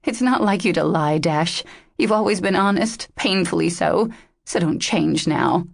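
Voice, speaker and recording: A woman's voice: on the low side, measured pace, gravelly. A woman voicing a grieving, injured young widow who pleads through tears in an audiobook. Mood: bitter. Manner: pleading and tearful. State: crying. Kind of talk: audiobook character voice.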